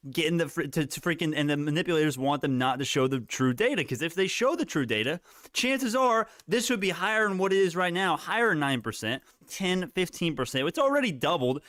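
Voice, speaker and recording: A man giving live stock market commentary, excitable and hyped, laughing often and swearing casually. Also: high-pitched, no echo, clean studio sound.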